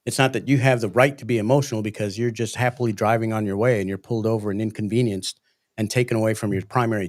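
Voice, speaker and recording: A man with a lowish, slightly mellow voice, a police training instructor, earnestly explains emotional regulation in a livestream discussion.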